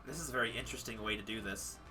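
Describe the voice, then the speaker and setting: A man streaming a live game playthrough, chatting excitably and reacting to the game with loud outbursts. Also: lowish voice, racing, over music.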